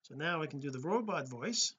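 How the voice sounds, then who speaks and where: Man for a casual home tutorial: husky, a touch high, loose and self-correcting. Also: expressive, fairly quick, fairly bright tone. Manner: rambling, self-correcting, many fillers. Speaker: tutorial host. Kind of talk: casual screen-recorded tutorial. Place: home desk setup with computer.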